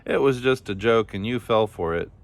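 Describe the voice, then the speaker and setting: A man's voice: on the low side, moderate pace, lightly acted. A man voicing a mischievous male kangaroo who plays pranks, in a storybook read-aloud. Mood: gleeful. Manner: giggly, teasing, gleeful.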